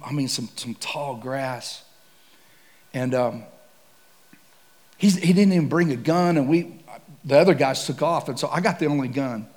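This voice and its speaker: A man preaching to a men's gathering, telling a comic safari story with bursts of shouting and laughter. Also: medium pitch. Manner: animated, shouts and laughs through stories. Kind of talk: comedic sermon storytelling.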